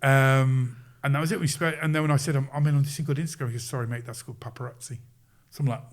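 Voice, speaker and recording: Middle-aged male coach, podcast guest, mid-pitched voice, casual storyteller who voices his quotes. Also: very fast, few pauses. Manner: lively retelling, acts out quoted lines, chuckles.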